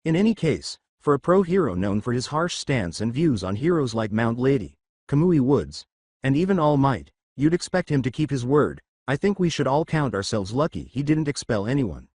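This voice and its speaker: A man's voice: medium pitch, very animated, moderate pace, a little mellow, dry recording, studio quality. A man voicing a confident, teasing teenage girl student in a read-aloud fan story. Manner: teasing, blunt.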